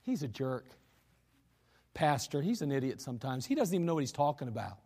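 A man's voice: medium pitch, sing-song, fairly quick, mellow, slightly rough, pitched below the performer's own voice. A man putting on a sour churchgoing mother who mutters petty insults about the pastor under her breath. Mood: sneering. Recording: echoey church hall.

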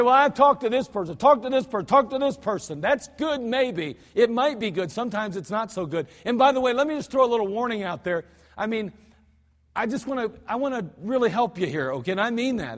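A man preaching a sermon in a folksy, emphatic manner, with lots of repetition. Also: high voice. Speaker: pastor. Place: church sanctuary. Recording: archived church service with long hall reverb.

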